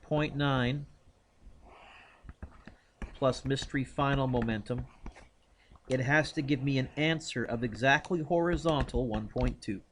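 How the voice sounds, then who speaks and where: A male teacher talks his way through a momentum problem in physics class, pausing often and putting questions to students by name. He speaks unhurriedly in a mid-range voice, with a little hiss or hum on the recording.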